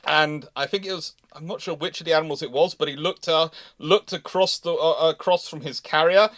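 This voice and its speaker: A man hosting a live history question-and-answer stream, wandering through anecdotes and voicing the people in them. His voice sits slightly high and sounds close and dry, picked up on a call microphone. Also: fairly even intonation, a little fast, hardly any pauses, a bit bright, no room sound. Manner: rambling anecdotal storytelling, acts out quotes. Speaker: host.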